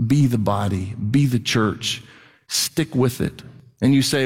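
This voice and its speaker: A man's voice: medium pitch, very animated, moderate pace. A middle-aged man preaching a sermon to his church, talking conversationally with blunt emphasis. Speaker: pastor. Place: church hall. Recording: long hall reverb.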